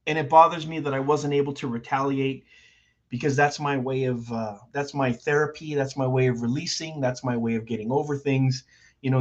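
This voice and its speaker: An older man hosting a livestream, ranting heatedly and repeating himself for emphasis. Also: medium pitch. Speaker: livestream host. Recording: dull lo-fi stream audio.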